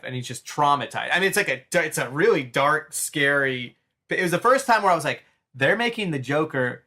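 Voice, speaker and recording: A man in his thirties excitedly retelling a cartoon episode in casual chat, rambling with restarts. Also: fairly high pitch, a little fast.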